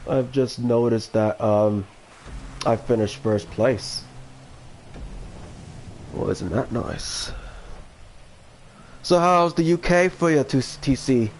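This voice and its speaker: A man's voice: medium pitch, measured pace, slight background noise. Brief: man, casual streamer, meandering, full of fillers and restarts. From Florida. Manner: rambling and hesitant, many fillers and restarts. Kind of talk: casual livestream chat.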